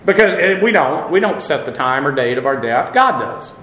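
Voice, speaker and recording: A man's voice: on the high side, big pitch swings, normal speed, a bit bright, reverberant. A man preaching a casual sermon, chatty, with wry asides and many fillers.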